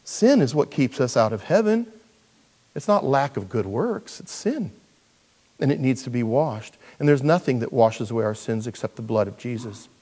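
A male pastor giving a verse-by-verse Bible teaching in a conversational, animated way, with joking asides. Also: medium pitch, normal speed.

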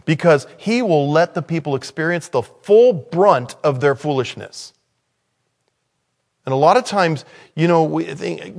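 A man preaching a sermon in a conversational way, with sudden loud, high-pitched bursts of emphasis. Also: expressive, moderate pace, gravelly. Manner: conversational, thinking aloud. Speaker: pastor.

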